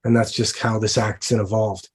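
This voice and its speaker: Man, film director, interview, halting, many fillers, lowish voice. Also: little pitch movement, slightly rough. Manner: hesitant, many fillers and restarts. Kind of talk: interview conversation. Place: lives in New Orleans.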